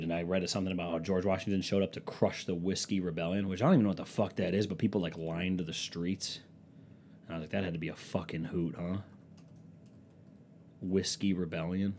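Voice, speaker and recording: Give me a young male podcast host, low-pitched, telling rambling profane stories in a casual comic way. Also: darkish tone. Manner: rambling, profane, slips into silly quoted voices. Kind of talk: casual comedic chat.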